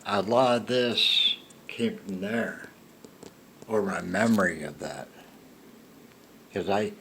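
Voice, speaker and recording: Older man telling his own story, gravelly low voice, slow and halting, bit of hiss behind. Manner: halting, with restarts and soft laughs. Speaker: storyteller recounting a personal encounter. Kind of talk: slow rambling personal monologue.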